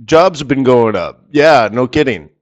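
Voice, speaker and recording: Guy running a trading webinar, chatty and jokey, keeps asking the room questions, mid pitch. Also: animated, a little slow, muffled recording. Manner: chatty and joking, with rhetorical questions. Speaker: forex trading coach. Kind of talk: live webinar trading lesson.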